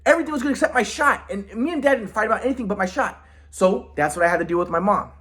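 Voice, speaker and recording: A man's voice: high-pitched, animated, very fast, a bit bright. A man in a rambling personal monologue who sounds aggrieved, often restarts his sentences, and swears. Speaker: vlogger.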